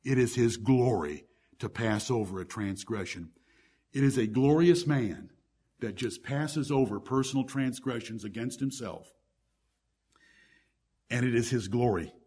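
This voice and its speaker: A man's voice: medium pitch, measured pace, long pauses, warm tone, husky. A male pastor preaching a sermon to his congregation, reading scripture aloud and stressing key words.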